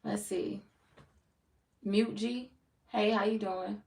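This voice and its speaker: A woman's voice: medium pitch, steady tone, slow pace, creaky, a little mellow. A woman from St. Louis, Missouri, with a Missouri accent, hosting a tarot livestream and greeting viewers in loose, playful, slangy chat. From Saint Louis, Missouri. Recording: roomy echo, mic at a distance.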